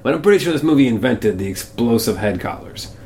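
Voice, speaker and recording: A man hosting a casual film-review podcast, excitable and profane, tossing in voice impressions. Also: mid-range voice, fast talker, a little hiss or hum. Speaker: podcast host.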